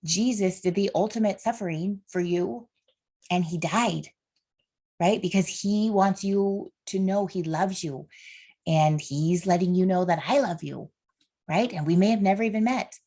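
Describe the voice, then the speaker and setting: A woman's voice: fairly low pitch, unhurried, dark tone. A woman in her thirties hosting a solo podcast, talking earnestly and heartfelt with faith-based encouragement aimed straight at her listeners. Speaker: podcast host. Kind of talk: solo motivational podcast monologue.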